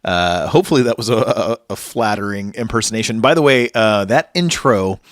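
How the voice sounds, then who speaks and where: Male podcast host, deep-ish and bright, playful banter, studio-dry sound. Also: fairly quick, no room sound. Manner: self-deprecating, joking. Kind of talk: comedic podcast banter and narration.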